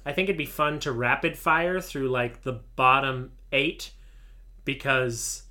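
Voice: medium pitch, fairly even intonation, a little slow, pushed and bright. A writer co-hosting a podcast, chatting casually with wry remarks and frequent laughs. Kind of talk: casual chat about the Oscars.

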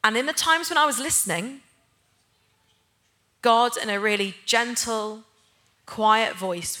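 A woman preaches to a church gathering in a bright, crisp voice. Her delivery is personal and conversational, and at times it builds into impassioned, emphatic appeals. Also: a little high, slow pace, long pauses. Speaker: church speaker, head of a neighbour-love ministry. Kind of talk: sermon.

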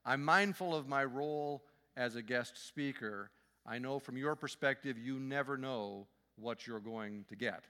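A man's voice: mid-range voice, a little slow, bright, forceful tone, big-room sound. A man giving a guest sermon in a church in a friendly, joking, conversational manner. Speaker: guest speaker, fundraising consultant. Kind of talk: sermon with humor. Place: church sanctuary.

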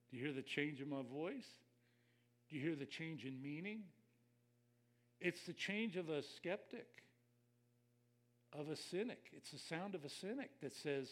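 A man's voice: a little high, expressive, unhurried, long pauses. An older man preaching a conversational sermon as a pastor, reflective and personal, speaking straight to his listeners.

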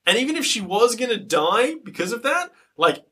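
A young man co-hosting a podcast, recapping a film in a casual, profane, animated way with lots of fillers. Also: very high voice, normal speed, husky. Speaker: podcast co-host.

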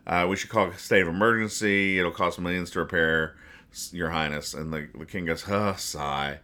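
A man with a low voice hosts a casual comedy podcast, rambling through comic strips and tossing in quick quoted voices. His tone is bright and a little sharp. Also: flat delivery. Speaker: podcast host reading comics.

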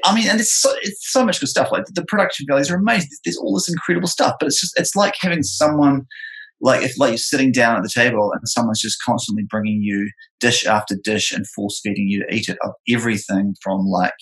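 A young man in casual chat, rambling and animated, with many filler words. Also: medium pitch, fast talker, rough recording. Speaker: photographer and former music producer.

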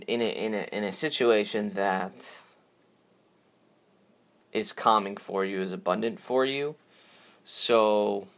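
A man with a somewhat low voice talks through his ideas on his own podcast. He meanders, circles back, and repeats words as he gathers his thoughts, in a loose, casual way. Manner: rambling, repeats words, yawns, drifts off track. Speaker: podcast host. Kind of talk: casual solo podcast talk.

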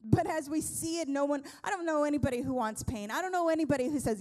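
A woman pastor giving a lively, conversational sermon, joking and restarting her sentences. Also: high voice, a little fast, hardly any pauses. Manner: lively, conversational preaching with humor and many restarts.

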